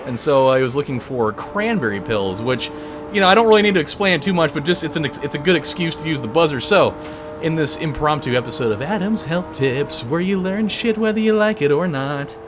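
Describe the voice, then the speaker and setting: A man chats crudely and jokingly over a game playthrough, rambling through a story with lots of restarts. His pitch is lively and swings freely. Game music plays clearly behind him. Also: a little fast. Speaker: let's play host. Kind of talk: casual storytelling over gameplay. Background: video game music.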